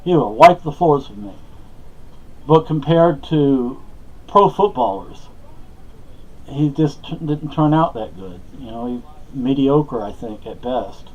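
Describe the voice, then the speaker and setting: A man's voice: mid-range voice, lively intonation, takes it slowly, darkish tone, dull audio. A man talking casually to camera in a rambling, hesitant way, full of fillers and restarts. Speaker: vlogger.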